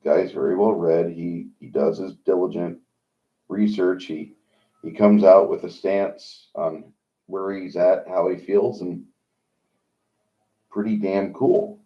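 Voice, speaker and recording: Low-voiced dude rambling his opinions on a stream, dull lo-fi mic. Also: steady tone. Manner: rambling, opinionated, halting with fillers. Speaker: livestream host. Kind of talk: casual rambling monologue. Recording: dull lo-fi sound.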